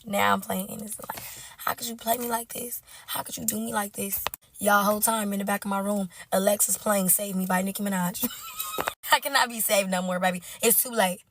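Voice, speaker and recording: Animated slangy woman telling a storytime. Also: mid-range voice, brisk, slight background noise. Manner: animated, slangy, laughing asides. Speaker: storytime creator. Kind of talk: casual storytime vlog.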